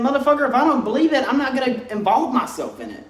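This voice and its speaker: A man's voice: very high voice, wildly swooping pitch, fast. A young man ranting bluntly and mockingly in a vlog, swearing constantly. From Texas. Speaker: vlogger. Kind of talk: profane ranting commentary. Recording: roomy echo, distant mic.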